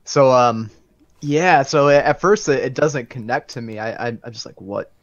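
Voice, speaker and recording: A man's voice: medium pitch, moderate pace, no echo. Casting: tabletop player, man, casual and hesitant, slightly dull recording. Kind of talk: tabletop game play.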